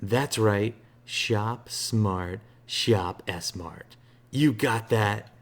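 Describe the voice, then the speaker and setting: A man's voice: lowish voice, full character voice. Ash, a man doing a swaggering cocky hero. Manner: slow, loud, deliberate delivery. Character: swaggering cocky male hero hawking a shotgun.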